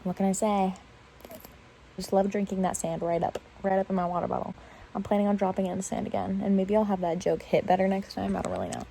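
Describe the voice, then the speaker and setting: A woman's voice: mid-range voice, steady tone, quick pace, vocal fry, mellow, a little hiss or hum, rough recording. A young woman chatting casually into her phone camera in bed at night, rambling and laughing at herself. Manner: rambling, self-mocking, giggly. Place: bedroom at night.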